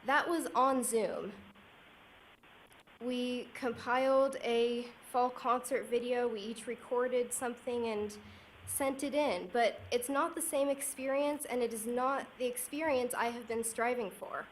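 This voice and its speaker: A woman's voice: a little high, steady tone, unhurried, slight background noise, rough recording. Young woman student reading a prepared statement. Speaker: student speaking at public comment. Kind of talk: prepared public speech. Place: county commission meeting room.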